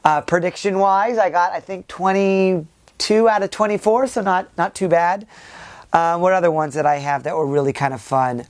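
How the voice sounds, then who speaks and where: A man hosting his own channel, giving a casual year-end vlog to his viewers. He rambles and hesitates with lots of filler sounds and restarts, and sounds warm and grateful. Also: sits high, steady tone, moderate pace. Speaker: YouTube channel host.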